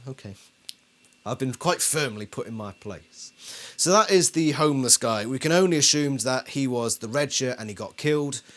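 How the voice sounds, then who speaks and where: A man's voice: mid-range voice, normal speed, a bit bright. A man hosting a casual commentary video, talking things through and asking his viewers questions. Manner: conversational, asks the audience questions. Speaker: video host.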